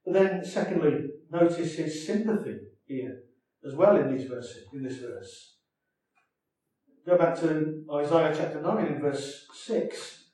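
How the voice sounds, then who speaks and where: A man's voice: on the high side, a little slow, dark tone, far from the mic. A man preaching a sermon in a conversational way, often adding tag questions and restarting his phrases. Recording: echoey hall, voice from off mic.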